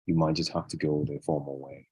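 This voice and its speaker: A man with a very deep, slightly husky voice speaks in an easygoing interview. He rambles, restarts sentences and leans on fillers as he explains things. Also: level tone, brisk, a little mellow, soft background music. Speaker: guest English speaker. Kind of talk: casual conversational interview.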